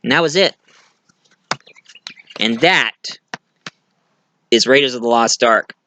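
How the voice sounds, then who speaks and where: Bright-voiced man rambling through a review. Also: mid-range voice, takes it slowly, slight background noise. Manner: rambling plot retelling with fillers. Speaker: movie reviewer. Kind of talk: casual movie review.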